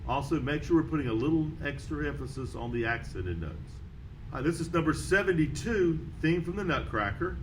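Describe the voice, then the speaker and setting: A man's voice: a little high, lively intonation, brisk, slight background noise, rough recording. A man teaching a beginner trumpet lesson, calling out note names and counting in steadily. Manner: counts off and calls out notes steadily. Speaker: band teacher. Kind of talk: instrument lesson walkthrough.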